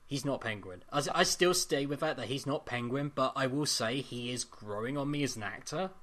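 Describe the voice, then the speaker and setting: A man co-hosting a casual pop culture chat, animated and excitable, swearing freely. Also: medium pitch, normal speed. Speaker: podcast co-host.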